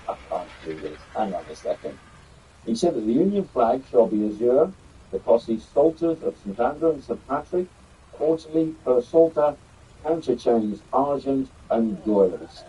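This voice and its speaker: A man's voice: medium pitch, big pitch swings, a little slow, mellow, slightly rough, highs cut off. An older man hosting a history video, talking casually about an old keepsake with some rambling and filler words. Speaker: YouTube history host. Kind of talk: casual show-and-tell presentation.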